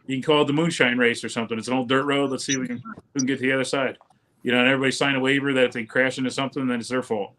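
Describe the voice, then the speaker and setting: A man's voice: medium pitch, level tone, fairly bright tone. A man chatting casually on a live stream, telling stories and talking cars. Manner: fast storyteller, car talk.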